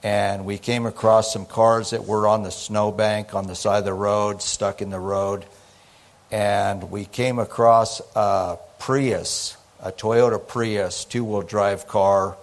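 A preacher reading scripture and telling a personal story, acting out the dialogue. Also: male voice, lowish voice, takes it slowly. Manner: animated, acts out the dialogue in his story. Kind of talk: sermon storytelling.

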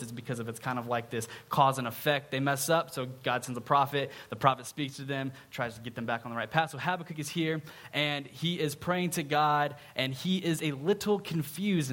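A young man preaching a conversational sermon to his church, loud and animated, often checking in with "right?". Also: mid-range voice. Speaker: pastor.

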